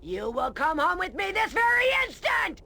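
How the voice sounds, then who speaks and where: A woman voicing a furious, jealous noblewoman in a video game, yelling at her straying husband in a shrieking voice. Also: very high-pitched, very animated, normal speed, gravelly, exaggerated voice. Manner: yelling, commanding. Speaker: game character.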